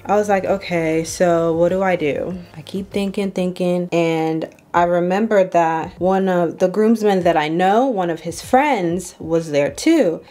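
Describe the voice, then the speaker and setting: Lively young woman telling a story. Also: fairly low pitch, measured pace, few pauses. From Ohio, USA. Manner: animated storytelling, acts out quoted voices. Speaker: makeup artist vlogger. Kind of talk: storytime while getting ready.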